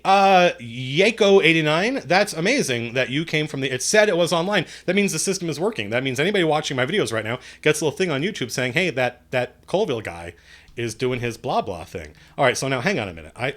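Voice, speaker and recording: A man's voice: mid-range voice, a bit bright. A man hosting a live-stream Q&A, reading viewers' questions aloud and answering them in a loose, self-deprecating, jokey way. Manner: rambling, reads chat questions aloud and answers offhand. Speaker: streamer and game master answering chat questions.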